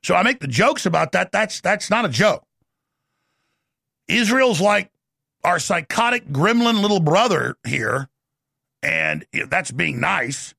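A middle-aged man hosting a political commentary show, sarcastic and jokey in an animated way. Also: sits high, a little slow, vocal fry, pauses often, no room sound, clean studio sound. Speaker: show host.

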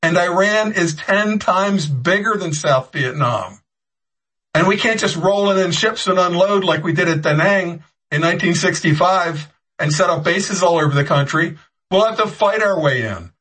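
A man with a husky, slightly high voice delivers heated political commentary. He rambles, often restarts his sentences, and throws in sarcastic jabs. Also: moderate pace, sharp tone, rough recording.

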